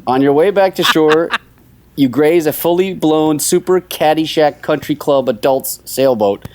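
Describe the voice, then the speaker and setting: A man's voice: fairly high pitch, a little slow, a little mellow. A man co-hosting a podcast, reading out quiz questions in a dry, teasing way. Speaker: podcast co-host.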